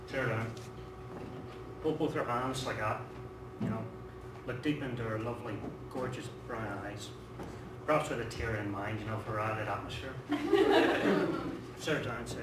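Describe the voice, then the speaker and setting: A man with a Northern Irish accent doing a stand-up routine, rambling through his stories with lots of fillers. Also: mid-range voice. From Northern Ireland. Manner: rambling, self-deprecating storytelling with many fillers. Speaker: stand-up comedian. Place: comedy club stage. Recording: roomy, distant, noisy live room. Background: audience laughter.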